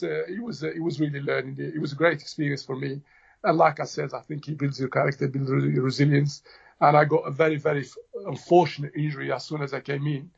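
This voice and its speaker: Gravelly hesitant man from Tunisia. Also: on the high side. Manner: hesitant, many fillers and restarts. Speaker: football manager. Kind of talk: relaxed interview chat. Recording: dull lo-fi audio.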